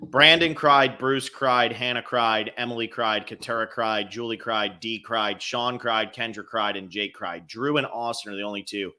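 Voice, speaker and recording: Bright-voiced man hosting a casual podcast. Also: medium pitch, moderate pace, few pauses. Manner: conversational, relaxed, agreeable listener. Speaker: podcast host.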